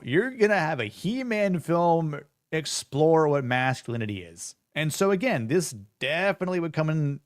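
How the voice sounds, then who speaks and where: A man's voice: medium pitch, fairly bright tone, dry recording, studio quality. A man in his forties hosting a live podcast, talking casually with many fillers and sarcastic asides. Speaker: podcast host. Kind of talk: casual live-stream commentary.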